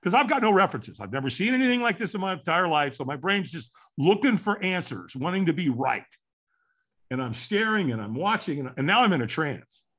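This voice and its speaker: Animated older guy telling a story on a podcast, jumps around in pitch, acts out the quotes. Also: fairly quick. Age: 60s. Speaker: podcast guest.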